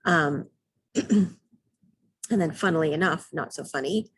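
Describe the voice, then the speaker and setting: A middle-aged woman talking as an intuitive soul guide and mentor in a casual spiritual vlog, calm and hesitant with many ums and throat clears. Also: deep voice, unhurried, dry recording, low-quality recording.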